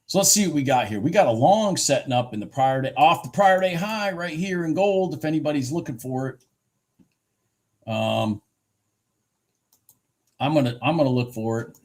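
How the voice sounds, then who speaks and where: A man's voice: a little high, moderate pace, long pauses. A man commentating his own live futures trading on a stream, frustrated and swearing, talking to himself and to his chat. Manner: laughs at himself, repeats phrases. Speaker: livestream futures trader.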